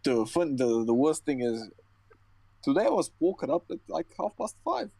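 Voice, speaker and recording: A man's voice: fairly high pitch, very animated, moderate pace, mellow, breathy edge, dry recording. A tired young man co-hosting a podcast, ranting and swearing with stumbling restarts. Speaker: podcast co-host. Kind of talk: casual chat.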